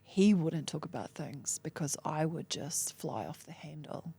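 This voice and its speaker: Frank, gravelly-voiced woman opening up. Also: low voice, expressive, unhurried, warm tone, no echo. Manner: frank and self-deprecating, swears casually, laughs often. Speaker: coaching client, mom and entrepreneur. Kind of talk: candid podcast coaching conversation.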